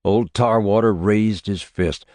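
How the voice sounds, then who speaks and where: A man narrates an audiobook in a steady, measured way. His voice sits very low, and the recording is dry and close with no room sound. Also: no room sound. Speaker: audiobook reader. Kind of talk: scripted narration.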